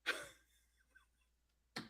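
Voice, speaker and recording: A male sports talk show host ranting loudly and mockingly, acting out angry fans in bits. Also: very slow. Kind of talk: animated sports talk rant.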